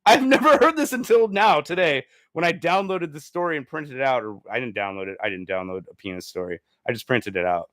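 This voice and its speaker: A man with a medium-pitched voice hosts a comedy news show, reading stories aloud at a slightly quick clip with few pauses. He keeps breaking off into crude, sweary asides and giggles, swinging animatedly from mutters to exclamations. The recording is dry, with clean studio sound.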